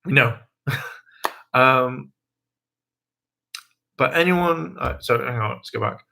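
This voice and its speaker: A young man chats casually on his livestream, hesitating and restarting his sentences often. His voice sounds bright and forward at an ordinary male pitch. Now and then he leaps into a high, mocking voice to quote people. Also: slow, vocal fry. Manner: hesitant, many ums and restarts, jumps into high mocking voices when quoting. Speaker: livestream host. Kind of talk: casual rambling livestream chat.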